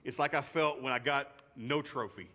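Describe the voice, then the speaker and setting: A man's voice: medium pitch, moderate pace, sharp tone, breathy edge. Man telling stories in a reverberant hall. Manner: chatty, jokey, repeats phrases for effect. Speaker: youth speaker. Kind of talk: youth sermon with personal storytelling. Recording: long reverb of a large hall.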